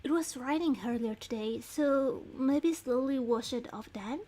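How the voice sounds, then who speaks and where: A low-energy, sarcastic young man from a detective game speaks in a dry, unhurried way, as a woman puts him on while reading the game aloud. His voice sits a little high, with little lift or push behind the words. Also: dark tone. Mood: flat.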